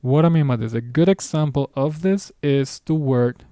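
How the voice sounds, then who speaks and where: A man's voice: mid-range voice, moderate pace, dark tone, smooth, dry recording, clean studio sound. A man teaching a beginner language lesson, explaining patiently in a casual way with small asides. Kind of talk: recorded online lesson.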